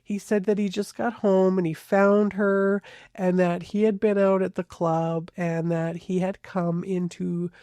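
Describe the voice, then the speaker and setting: Gravelly, conversational true crime narrator. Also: medium pitch, flat delivery, slow, dark tone, no room sound. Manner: conversational, hedging, frequent restarts. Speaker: true crime podcast host.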